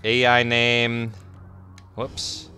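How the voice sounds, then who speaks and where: Young man, gameplay streamer, casual commentary, swears a lot, bright tense voice, unhurried. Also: mid-range voice, soft background music. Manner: excitable, swearing, bursts into yelps and laughter.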